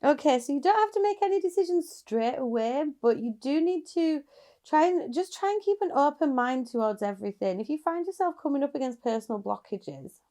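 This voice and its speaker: A woman's voice: high voice, animated, a little fast, warm tone. A woman giving a casual, chatty tarot reading straight to her viewers, encouraging and sometimes laughing. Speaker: tarot reader.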